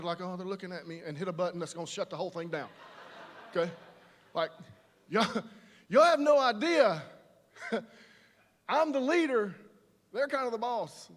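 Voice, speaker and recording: A man preaching a sermon, animated and conversational, slipping into quoted voices. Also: high-pitched. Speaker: pastor. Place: large church auditorium. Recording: live church hall reverb.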